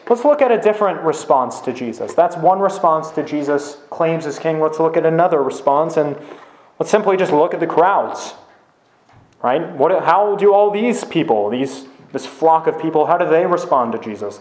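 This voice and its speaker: A male pastor delivers a sermon in a casual, conversational way, often tossing in "right?" to check in with listeners. His voice sits a little high for a man. The sound carries a noticeable room echo. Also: animated, normal speed, a little mellow. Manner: conversational, with frequent "right?" tag questions. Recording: echoey room.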